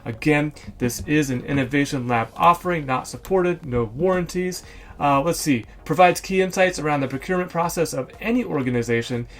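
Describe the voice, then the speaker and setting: A man's voice: a little high, a little fast, a bit bright. A man hosting a casual screen-share walkthrough, chatty and thinking aloud, correcting himself often with ums. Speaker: host of a software store review show.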